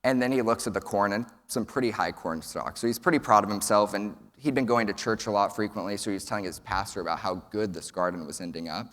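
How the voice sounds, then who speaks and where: A man's voice: lowish voice, quick pace, hardly any pauses, a bit bright. A young man from Texas, giving an earnest prepared speech at a summit and telling a folksy joke. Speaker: student speaker. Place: large event hall. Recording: long hall reverb.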